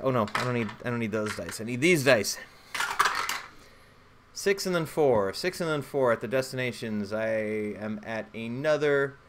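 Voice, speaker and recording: A man's voice: mid-range voice, a bit bright, a little hiss or hum. A man playing a solo tabletop role-playing game, rambling, joking and swearing as he goes. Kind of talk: casual solo play commentary.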